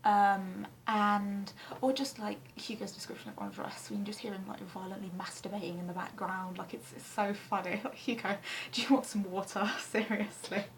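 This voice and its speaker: A young woman from England chatting casually to camera in her flat, rambling and self-deprecating with frequent ums and the odd swear word. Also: mid-range voice, moderate pace, hardly any pauses, a little hiss or hum, rough recording. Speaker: vlogger answering a tag questionnaire. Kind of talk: casual chat. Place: flat, indoors.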